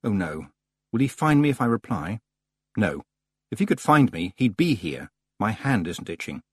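A man voicing a sharp, blunt young witch girl who talks briskly and forcefully. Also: lowish voice, sing-song, breathy edge, no room sound, clean studio sound. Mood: anxious.

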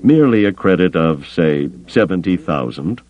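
Male narrator as a cool, clipped smuggler captain, deep voice, lively delivery, dull lo-fi recording. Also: moderate pace. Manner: cool, curt, dry.

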